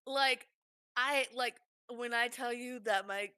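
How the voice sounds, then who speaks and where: A woman streamer telling work stories in casual chat, animated and swearing freely. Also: on the high side, slow, clear, resonant tone, no room sound.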